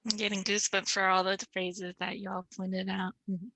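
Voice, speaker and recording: A woman's voice: medium pitch, level tone, moderate pace, vocal fry, bright, forceful tone, dry recording, rough recording. A woman facilitating an online workshop, inviting the group to share their thoughts with open questions. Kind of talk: leading a group discussion. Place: online video session. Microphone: video call.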